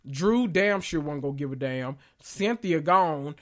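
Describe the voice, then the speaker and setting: A man's voice: fairly high pitch, animated, measured pace, a bit bright. A man hosting a podcast, giving sassy, blunt commentary with dramatic emphasis. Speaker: podcast host. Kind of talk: casual pop-culture commentary podcast.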